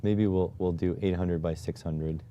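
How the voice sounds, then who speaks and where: A man's voice: deep voice, fairly even intonation, normal speed, mellow, muffled recording, slight background noise. A man streaming live, muttering to himself and getting exasperated while he fiddles with display settings. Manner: exasperated, keeps sighing oh my God. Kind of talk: casual live-stream talk.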